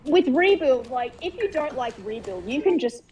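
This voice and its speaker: A woman's voice: high-pitched, big pitch swings, normal speed, darkish tone, far from the mic, highs cut off. A woman calling into a chat show, talking things through with lots of "like" hedges. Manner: thoughtful, hedging with "like". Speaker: caller. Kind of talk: casual chat.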